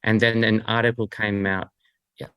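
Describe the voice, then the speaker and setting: A middle-aged Australian man talking casually as an interview guest, halting and full of restarts. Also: lowish voice, little pitch movement, fairly bright tone, clear, resonant tone. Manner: halting, many restarts and fillers. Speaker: guest, husband.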